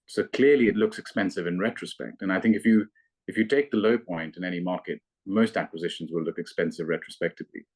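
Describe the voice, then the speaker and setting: Male fund manager, very low voice, analytical and measured, given to restarts. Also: husky. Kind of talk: investment interview.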